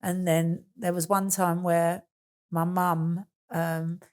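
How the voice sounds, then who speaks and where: A woman's voice: on the low side, little pitch movement, takes it slowly, a little mellow, smooth. A woman, chatting as an interview guest and telling rambling stories with easy laughs. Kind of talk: casual storytelling chat.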